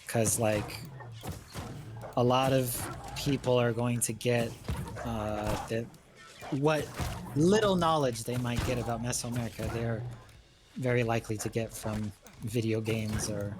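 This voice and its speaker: A man speaking as a historian guest in a casual livestream chat, halting with many fillers and restarts. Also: medium pitch, steady tone, over music.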